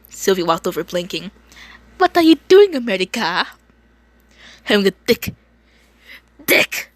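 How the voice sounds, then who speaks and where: A woman's voice: fairly low pitch, pushed and bright, no room sound. A woman reading a fan story aloud, often stumbling, repeating words and stopping to make asides. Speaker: reader.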